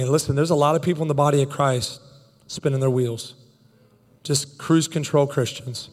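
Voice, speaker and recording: A man in his thirties preaching a sermon, telling a funny story in animated, joking bursts. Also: fairly high pitch, normal speed, long reverb tail. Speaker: pastor.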